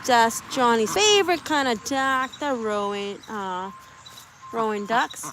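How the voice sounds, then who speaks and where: Brief: high, unhurried woman vlogger coaxing chickens into a backyard coop, faint birds and outdoor sounds around. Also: animated, background noise. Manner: coaxing, talks to her animals. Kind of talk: casual vlog chat.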